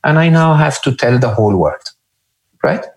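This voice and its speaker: In a muffled recording, a middle-aged podcast guest with a mid-range voice speaks in an animated way at a moderate pace. His interview talk is reflective and thoughtful, with repeated words and frequent "right?" and "hmm?" check-ins.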